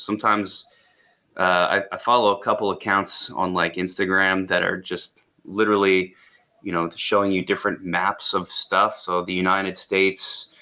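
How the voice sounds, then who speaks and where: Eager, bright-toned podcast man. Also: low voice. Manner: enthusiastic, eager, with repeated words. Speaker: podcast co-host reviewing education tech tools. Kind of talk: casual podcast chat.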